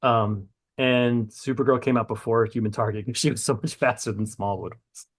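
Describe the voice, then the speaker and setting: A man's voice: medium pitch, fairly even intonation, moderate pace. A man being interviewed on a podcast, rambling and self-mocking, swearing casually and restarting his sentences often. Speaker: comic book writer guest.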